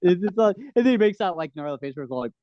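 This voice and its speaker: Excitable fairly high-voiced man, lo-fi mic. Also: no room sound. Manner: animated, gushing, acts out scenes in quick voices. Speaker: podcast co-host. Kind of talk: casual review chat. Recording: dull lo-fi podcast mic.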